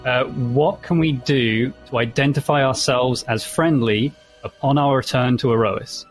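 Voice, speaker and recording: A man playing in a tabletop game, talking quickly and thinking aloud with halting restarts. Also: mid-range voice, soft background music. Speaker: player. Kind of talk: casual play talk.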